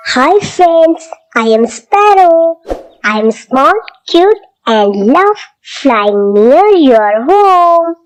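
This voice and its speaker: A woman voicing friendly little cartoon birds in a children's learning video, slowly spelling out letters one by one. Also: high-pitched, big pitch swings, full character voice, low-quality recording. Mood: cheerful. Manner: slow, sing-song spelling out letters one by one.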